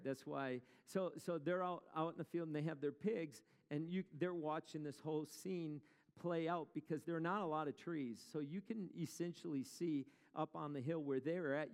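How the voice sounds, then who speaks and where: A man's voice: a little high, darkish tone, clear, resonant tone, big-room sound. A male pastor preaching a sermon in a conversational way, asking the congregation questions as he retells a story.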